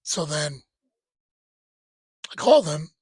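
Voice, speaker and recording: A man in his thirties takes it slowly in a breathy, slightly high voice, sharing his grief through a rambling, casual story about a late friend. Laughter and occasional tears come through, along with lively impressions of the friend, on a low-quality recording with no room sound.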